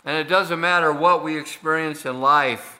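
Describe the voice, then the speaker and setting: A man preaching a sermon, slow and deliberate, with frequent pauses and fillers as he explains scripture. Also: a little high, fairly even intonation, sharp tone. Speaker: pastor.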